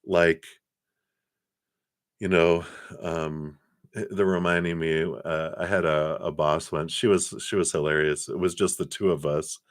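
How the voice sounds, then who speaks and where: A man giving a live tarot reading, chatty and warm-humored, laughing often and trailing off with fillers. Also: low-pitched, steady tone, a little slow, no room sound, clean studio sound. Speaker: tarot card reader.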